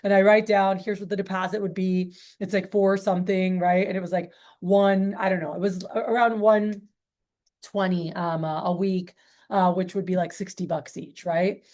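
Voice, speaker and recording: A woman sales trainer sharing a customer story with her team. She talks in a loose, chatty way full of fillers and restarts, and her voice sits at a middle pitch for a woman. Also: little pitch movement, normal speed, darkish tone. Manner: chatty, lots of fillers and restarts, quotes people.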